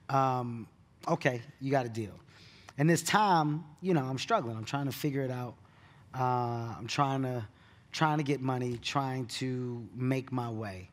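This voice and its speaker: Animated man telling stories on stage. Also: mid-range voice, measured pace. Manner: animated storyteller, laughs at his own story. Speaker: keynote interview guest, comedian. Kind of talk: onstage storytelling in an interview. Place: conference stage.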